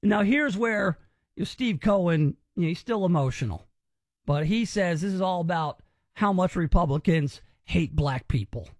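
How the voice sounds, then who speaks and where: A man's voice: high-pitched, lively intonation, normal speed, no room sound, studio quality. A man hosting a radio talk show, mocking and incredulous as he picks apart news clips.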